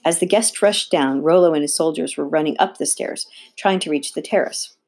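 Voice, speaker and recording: A woman reading a children's novel aloud with steady, expressive narration. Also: low voice, normal speed. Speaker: audiobook reader. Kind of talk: read-aloud storybook narration.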